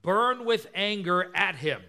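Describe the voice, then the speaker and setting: A male preacher delivers an expository sermon in a high voice. His tone is bright and forceful. He retells scripture and briefly acts out its characters' lines. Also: lively intonation, takes it slowly, vocal fry.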